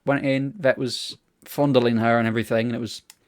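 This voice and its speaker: A man's voice: mid-range voice, little pitch movement, a little fast, clear, resonant tone. Sweary rambling podcast man. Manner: rambling, sweary storytelling with many restarts. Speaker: podcast co-host. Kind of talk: casual chat.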